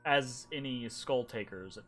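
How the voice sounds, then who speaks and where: A young man narrating as game master, animated and chatty with many fillers. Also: mid-range voice, measured pace. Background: faint background music.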